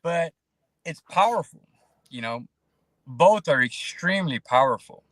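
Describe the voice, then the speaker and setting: Animated man preaching life lessons. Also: on the high side, measured pace. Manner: animated, preachy, acts out quoted voices. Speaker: guest. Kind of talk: casual podcast conversation.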